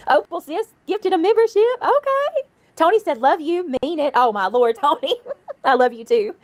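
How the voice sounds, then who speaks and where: A woman's voice: very high voice, lively intonation, moderate pace, dry recording. A woman livestreaming in casual chat, giggling, swearing freely and thanking her viewers.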